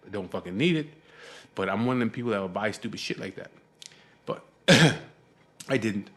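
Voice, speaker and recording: Male vlogger, lowish voice, rambling and profane, exasperated casual storytelling. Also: expressive, a little fast.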